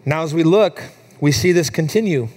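A man in his thirties preaching a sermon, telling a family story in a relaxed, conversational way with fillers, his voice climbing higher when he gets emotional. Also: moderate pace, slightly rough. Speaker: pastor.

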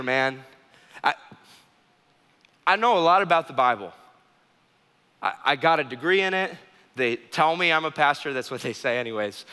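A man's voice: on the high side, pushed and bright. A young man preaching a sermon as a pastor, telling stories earnestly and emphatically. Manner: earnest, emphatic storytelling with acted quotes. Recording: long hall reverb.

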